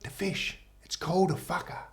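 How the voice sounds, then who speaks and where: A man voicing an eager young deckhand in a told joke, raised and excited. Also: sits high, pitched above the performer's own voice. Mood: apologetic. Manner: excited, then quick to apologize.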